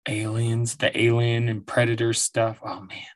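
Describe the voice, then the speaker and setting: Flat and unhurried at a medium pitch, this man in his forties hosts his own show from home. His casual monologue rambles through stories, peppered with profanity and frequent laughter.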